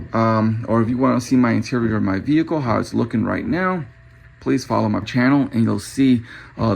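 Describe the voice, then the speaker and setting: Young man, casual vlog, gravelly voice, thinking aloud, filler words, middle pitch. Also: darkish tone. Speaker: car parts reseller vlogger. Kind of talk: casual show-and-tell vlog.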